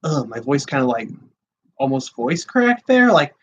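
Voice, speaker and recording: A man's voice: mid-range voice, very animated, unhurried, slight background noise. A man hosting a casual livestream, talking in a chatty, rambling way with many fillers. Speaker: podcast host. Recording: dull lo-fi sound.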